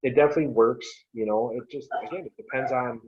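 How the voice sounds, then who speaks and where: A man's voice: mid-range voice, quick pace, noisy background. A man speaking as a podcast guest, talking loosely with trailing phrases and lots of fillers. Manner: loose, trailing phrases full of "you know". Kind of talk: casual podcast chat. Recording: dull lo-fi sound.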